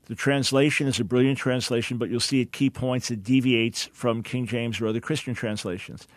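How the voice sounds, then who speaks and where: A man hosting a call-in radio talk show, earnest and emphatic. His voice sits at a middle pitch and often repeats a word as he starts a sentence. The studio sound is dry and close. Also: fairly even intonation, fairly quick, no room sound.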